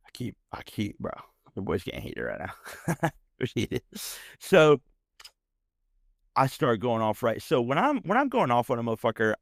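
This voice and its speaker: A man's voice: fairly low pitch, no room sound, studio quality. A man hosting a podcast, telling a story as a heated, profane rant and often checking in with "right?". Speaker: podcast host. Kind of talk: ranting storytelling.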